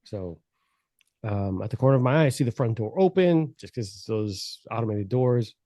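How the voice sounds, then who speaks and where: Man, mid-pitch, swearing, animated podcast storyteller with a dry close sound. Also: moderate pace, dry recording.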